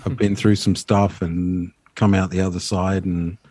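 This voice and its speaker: Relaxed man, fairly low and dry. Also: dry recording. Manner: relaxed, reflective, halting restarts. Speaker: guest, filmmaker and former band member. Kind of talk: casual interview chat.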